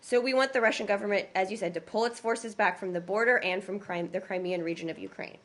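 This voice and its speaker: A woman in her thirties, a government spokesperson, leading a press briefing in a briefing room. She is losing her voice and moves briskly between prepared statements and informal asides. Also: mid-range voice, fairly even intonation, fairly bright tone. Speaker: deputy spokesperson.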